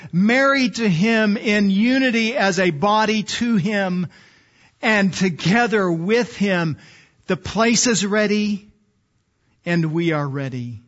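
A man preaching a sermon, earnest and deliberate, often dropping to a soft, low voice for emphasis. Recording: slightly dull, lo-fi sound.

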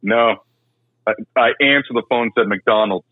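A man playing a bored male fast-food worker on the phone, flat and dismissive. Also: medium pitch, voice pushed down, close to an everyday voice. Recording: tinny phone line, dry.

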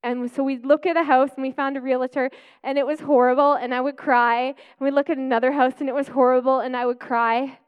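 A woman pastor preaching a personal testimony, telling stories with lively acted-out quotes and easy laughs. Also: sits high, brisk, clear, resonant tone, highs cut off. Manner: animated storytelling, acting out quotes.

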